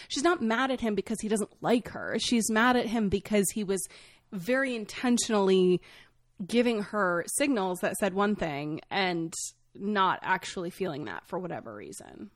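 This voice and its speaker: A woman co-hosting a podcast in casual chat, candid and quick to laugh, swearing freely. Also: medium pitch, expressive, no room sound, studio quality. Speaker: podcast co-host. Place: podcast recording setup.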